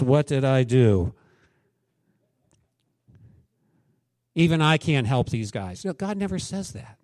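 A man's voice: a little high, no room sound. A man preaching a sermon as pastor, candid and conversational, telling stories and acting out quotes.

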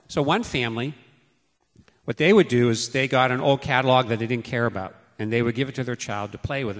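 Man preaching in a reverberant hall. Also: mid-range voice. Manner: storytelling, acts out calls to his children loudly. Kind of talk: sermon on parenting.

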